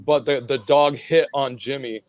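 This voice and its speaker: A male musician guest telling road stories in a casual interview, animated and acting out what others said. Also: mid-range voice, moderate pace, no echo. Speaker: guest musician, band vocalist and bassist.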